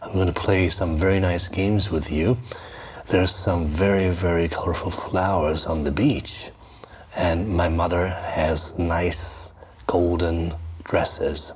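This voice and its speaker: A man voicing a male elf king spirit who lures a child, in a slow, whispery, coaxing recital. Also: low-pitched, fairly even intonation, a little mellow, slight background noise.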